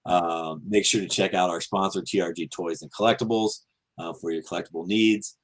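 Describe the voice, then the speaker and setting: Male host, very low voice, rambling earnest sign-off full of ums. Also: steady tone, brisk. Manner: many ums and restarts, earnest. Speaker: podcast host. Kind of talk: casual show sign-off.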